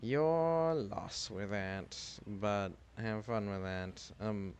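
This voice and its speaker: A man's voice: fairly low pitch, extremely slow, a little mellow, smooth, muffled recording. A man in a casual tabletop role-play session, exasperated and swearing freely as he narrates his own actions.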